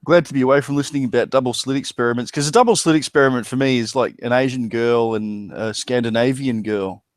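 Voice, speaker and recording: A man's voice: mid-range voice, fast, no room sound. A man with an Australian accent, chatting casually and rambling, with crude jokes. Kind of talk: casual chat.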